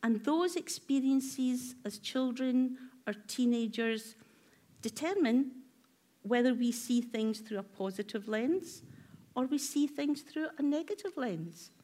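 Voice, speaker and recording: Woman, therapist, workshop talk, slightly high pitch, questioning, conversational, filler ums. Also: takes it slowly, mellow. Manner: asks the audience many reflective questions.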